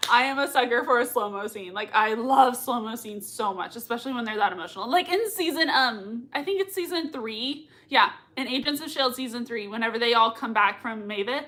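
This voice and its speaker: A woman's voice: a little high, fairly quick, few pauses, fairly bright tone. A young woman hosting a live reaction stream, gushing and squealing with emotion. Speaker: livestream reaction host. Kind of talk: excited live reaction chat.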